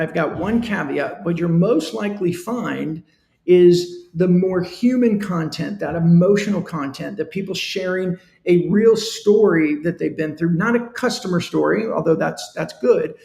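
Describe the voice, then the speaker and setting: A man's voice: sits high, measured pace, creaky, darkish tone, echoey room. A man hosting a live-stream business talk, speaking earnestly and conversationally in a coaching tone. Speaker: show host.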